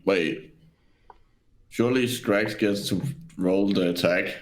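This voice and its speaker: A man playing a tabletop game over an online call, deliberate and thinking out loud. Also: low voice. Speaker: player. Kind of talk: casual game chat.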